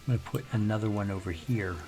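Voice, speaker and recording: A man's voice: lowish voice, fast talker. Older man, let's play commentary, rambling, grumbly asides, faint music behind. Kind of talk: casual gameplay commentary.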